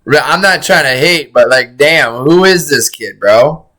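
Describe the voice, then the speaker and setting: A man's voice: a little high, animated, a little slow, bright, forceful tone. A man streaming a casual reaction, rambling in slangy, profane talk and saying "bro" constantly. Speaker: streamer reacting to a crime video.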